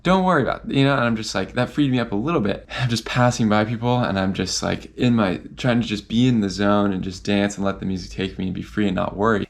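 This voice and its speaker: A young man telling a personal story in a vlog, animated and full of fillers, acting out his own nervous inner voice. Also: on the low side, vocal fry. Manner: many fillers and restarts.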